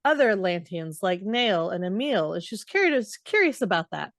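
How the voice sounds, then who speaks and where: A woman's voice: mid-range voice, very animated, normal speed, a bit bright, dry recording. A woman co-hosting a book podcast, talking in a chatty, rambling way with plenty of asides. She hesitates often as she recaps the story. The recording is dry and close. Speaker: podcast co-host. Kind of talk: casual book recap chat.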